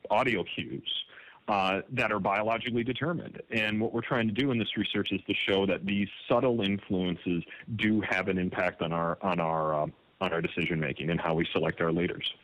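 A man, a professor, explaining his research in an interview, thoughtful and pausing with fillers. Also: low voice, steady tone, a bit bright, no echo, rough recording. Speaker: political science professor. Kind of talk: interview comment.

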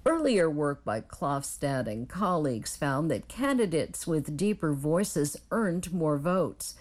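A woman reading a scripted news report in a measured, even delivery. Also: low voice.

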